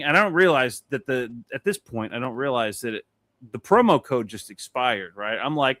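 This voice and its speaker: A man's voice: on the high side, moderate pace, no echo. A man co-hosting a casual talk show, telling a long story with a lot of swearing. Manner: animated, swearing, rambling anecdote. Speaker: podcast co-host.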